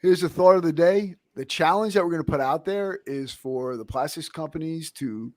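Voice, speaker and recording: A man's voice: fairly high pitch, moderate pace, a little mellow, no room sound, clean studio sound. A man hosting a podcast, talking in an upbeat, motivational way. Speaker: host. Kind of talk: casual podcast interview.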